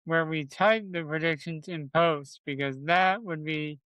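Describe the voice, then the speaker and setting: A man's voice: fairly high pitch, a little slow, fairly bright tone, smooth, no room sound, muffled recording. A man co-hosting a casual podcast, chatty and joking while he runs the segment. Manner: chatty, jokey, runs the show. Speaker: podcast co-host. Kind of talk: casual chat about wrestling predictions.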